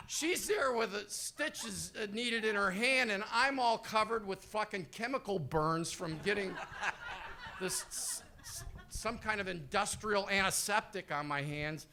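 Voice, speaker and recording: A man's voice: high voice, bright, forceful tone, slight background noise. A man in his fifties doing rambling, profane, self-deprecating stand-up storytelling. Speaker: comedian.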